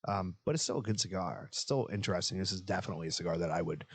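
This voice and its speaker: A man co-hosting a casual podcast, chatting loosely and telling animated stories. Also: low voice, rapid-fire, creaky, breathy edge, no room sound. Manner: animated storyteller, drops into quoted voices. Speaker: podcast co-host. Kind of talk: casual chat.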